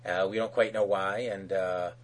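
A man co-hosting a podcast, recapping an episode in casual chat, animated and loose, often laughing and acting out characters' lines. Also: low voice, moderate pace, poor audio. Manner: loose, with frequent fillers and restarts. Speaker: podcast co-host.

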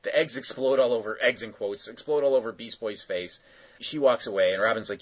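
A man's voice: medium pitch, a little fast, rough recording. A man casually recapping a cartoon episode, rambling with lots of fillers. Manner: rambling, filler-heavy storytelling.

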